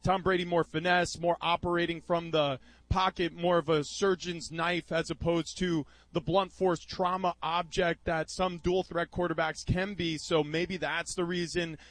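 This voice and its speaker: A man, a former pro football player, co-hosting sports talk radio in a measured, explanatory way. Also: fairly high pitch, level tone, fairly bright tone, dry recording, low-quality recording. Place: radio studio.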